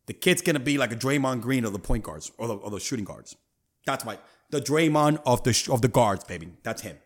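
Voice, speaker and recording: A man hosting a sports talk show, his pitch swinging up and down as he makes his points. He talks emphatically and leans on casual slang. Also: fairly quick. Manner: animated, emphatic, street slang. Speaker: podcast host.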